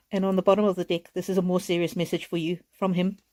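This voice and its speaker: A woman giving a live oracle card reading, speaking earnestly and reassuringly, with soft laughs now and then. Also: on the low side, big pitch swings, a little fast.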